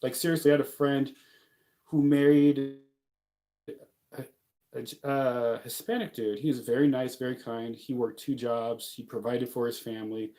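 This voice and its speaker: A young man from the United States rambles through a casual vlog chat, laughing and joking as he goes. His voice is mellow and dark, sitting at an ordinary middle pitch. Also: fairly even intonation, normal speed. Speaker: vlogger living abroad. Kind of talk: casual talking-head vlog.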